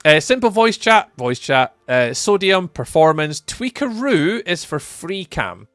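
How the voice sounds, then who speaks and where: Faint music plays behind a young man from Scotland as he chats on a live stream, answering messages from viewers. His delivery is sing-song, unhurried and a bit bright, with no echo, and his voice shoots up when he greets viewers.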